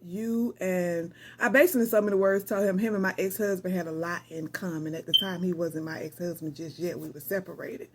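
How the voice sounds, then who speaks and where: A loud, talkative woman recording an unedited personal reflection, rambling between laughter and tears with a sassy, direct edge. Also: on the low side, steady tone, fast, few pauses, background noise. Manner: emotional, laughing through tears. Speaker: vlogger reflecting on grief.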